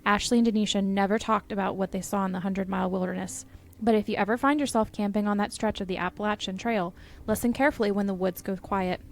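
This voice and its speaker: A woman's voice: medium pitch, fairly even intonation, fast, vocal fry. Playful woman reading spooky tales. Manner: dramatic storytelling with playful laughs. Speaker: podcast co-host. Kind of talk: reading spooky stories aloud.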